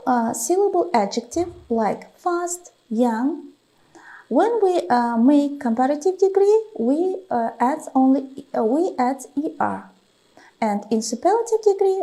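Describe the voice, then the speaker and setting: A woman teacher gives a slow, careful English lesson in a high, lively voice with a dark, gravelly tone. She dictates vocabulary and explains grammar deliberately, stretching example words and pausing often with "uh."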